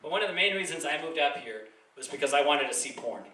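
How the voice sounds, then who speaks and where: A man from Chile in his thirties performs stand-up in a comedy club, his slightly high voice bouncing all over the place. He rambles casually, swears freely and leans on "like" as a filler. The recording is taken from afar in an echoey room with heavy background noise. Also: lively intonation, fast talker, far from the mic. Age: 30s. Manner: jumps into loud high-pitched voices when acting out scenes. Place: comedy club with a live audience.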